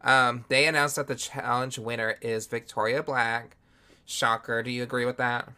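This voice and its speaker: A man's voice: mid-range voice, little pitch movement, normal speed, sharp tone, clear, resonant tone. A man co-hosting a podcast, chatting casually in a sassy, campy, blunt way while reviewing a show. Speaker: podcast co-host.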